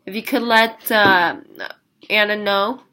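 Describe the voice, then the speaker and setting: Bright-voiced woman practicing a sales script. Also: mid-range voice, steady tone, slow pace. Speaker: sales trainee. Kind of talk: role-play practice.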